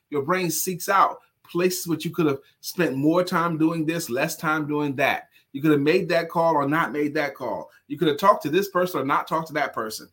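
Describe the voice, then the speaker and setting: A man's voice: fairly high pitch, normal speed, few pauses. A man hosting a morning show, chatting casually, laughing and teasing his guests. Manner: lively, laughs often, ribs his guests. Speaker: show host.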